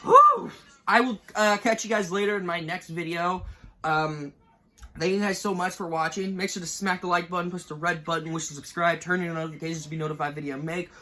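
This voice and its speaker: A slightly high, bright voice with a forceful tone and fairly even intonation belongs to this fast-talking YouTuber in his 20s. He works through a ranked list of cartoon moments in a casual vlog, rambling with emotion and at moments fighting back tears.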